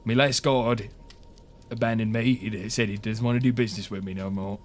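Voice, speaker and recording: A man voicing a gruff, weary older male merchant in a tabletop game, talking in a grumbling way. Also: on the low side, steady tone, fairly quick, a little hiss or hum, natural voice.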